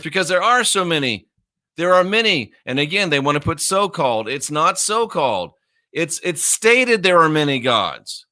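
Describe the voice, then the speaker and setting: A minister with a fairly high, very animated voice teaches the Bible confrontationally at a normal speed, his tone sharp. He mocks and argues, driving his points home through emphatic repetition.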